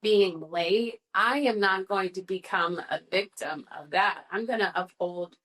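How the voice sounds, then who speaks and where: A woman's voice: mid-range voice, measured pace, fairly bright tone, rough recording. A woman co-hosting a podcast in casual conversation, speaking firmly and earnestly and often listing things one after another. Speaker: podcast co-host.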